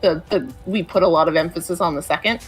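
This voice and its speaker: A woman's voice: lowish voice, fast, husky, faint music behind. A woman co-hosting a game stream, rambling casually with many fillers. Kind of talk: casual gameplay chat.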